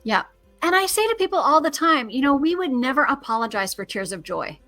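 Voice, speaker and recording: A woman's voice: high voice, very animated, fairly quick, a bit bright, soft background music. A woman podcast guest who talks earnestly and encouragingly while giving practical advice as a grief educator. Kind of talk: conversational advice.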